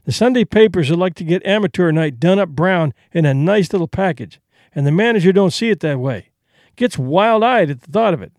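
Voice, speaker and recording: A man's voice: high-pitched, expressive, brisk, a little mellow, no room sound, clean studio sound. A man voicing a brash young male vaudeville tramp comic who talks in boastful, breezy slang.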